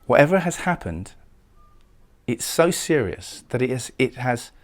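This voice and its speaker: A man's voice: mid-range voice, very animated, unhurried. A man giving a recorded poetry lecture, explaining lines of a poem and often repeating words as he goes. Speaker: literature lecturer.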